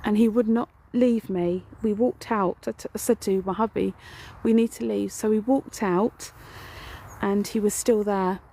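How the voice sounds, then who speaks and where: A woman's voice: mid-range voice, steady tone, unhurried, creaky, dark tone. A woman walking through a graveyard, telling a rambling ghost story in a casual vlog with lots of fillers. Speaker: paranormal vlogger. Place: outdoors in a graveyard.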